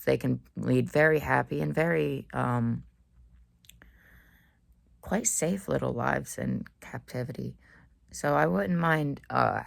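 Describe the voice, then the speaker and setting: A woman's voice: a bass voice, vocal fry, no room sound, clean studio sound. A young woman in a dorm room talking casually into the camera, rambling in a slangy, blunt way. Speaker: vlogger. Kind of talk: casual monologue.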